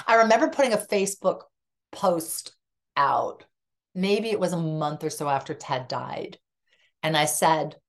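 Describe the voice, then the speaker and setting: A middle-aged woman, a psychotherapist, telling a personal story candidly in a conversation and acting out the lines of the people in it. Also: deep voice. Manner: animated, acts out quoted dialogue. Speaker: psychotherapist guest.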